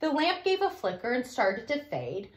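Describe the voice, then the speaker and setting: A woman, a children's librarian, reading a picture book aloud for story time in an expressive way. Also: a little high. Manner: expressive, slow, sing-song reading.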